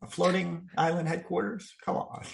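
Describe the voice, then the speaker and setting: A man's voice: high-pitched, fairly even intonation, moderate pace, gravelly. A man co-hosting a comic book podcast, adding dry jokes. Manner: joking, dry. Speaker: podcast co-host. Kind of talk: comic book review chat.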